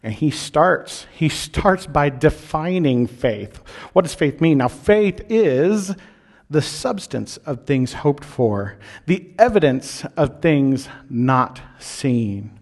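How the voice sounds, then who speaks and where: A man preaching a sermon in a conversational way, with fillers and restarts, slowing down on key phrases and rising for emphasis. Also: fairly high pitch, lively intonation, darkish tone.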